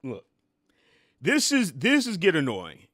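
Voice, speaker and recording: Middle-aged man as a reaction commentator. His voice is dry and close, and his pitch swings widely. He delivers animated, exclamatory commentary and answers back at the clip he is watching. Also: unhurried, no echo. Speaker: commentator reviewing an interview clip.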